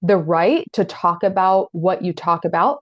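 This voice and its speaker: A woman's voice: fairly low pitch, a little slow, no echo, highs cut off. A woman in her thirties teaching an online masterclass in an earnest, direct, encouraging way. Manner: earnest, direct, encouraging, with animated quoted asides.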